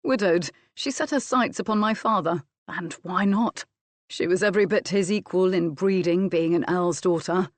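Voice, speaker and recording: A woman's voice: lowish voice, moderate pace, dry recording, close to an everyday voice. A woman voicing a stern but fond Scottish earl scolding his wife, in an audiobook. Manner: firm, scolding, then teasing.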